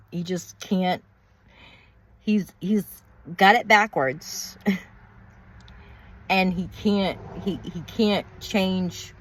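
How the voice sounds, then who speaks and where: In a personal monologue, a woman with a lowish, fairly bright voice recounts her betrayal with bitterness and emphasis, swearing and repeating herself.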